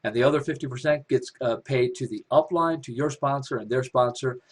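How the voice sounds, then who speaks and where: An enthusiastic man hosts an online business webinar, speaking at a middle pitch. He repeats himself for emphasis and scatters fillers and restarts through his upbeat pitch. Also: brisk, husky. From Canada. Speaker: company developer presenting a webinar.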